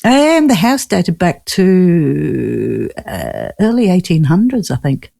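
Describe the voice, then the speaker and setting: A woman's voice: on the low side, wildly swooping pitch, slow, creaky, warm tone. A woman from Newcastle with a northern English accent, a ghost tour owner chatting as a guest, laughing often as she tells stories. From Newcastle, England. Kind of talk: casual interview chat.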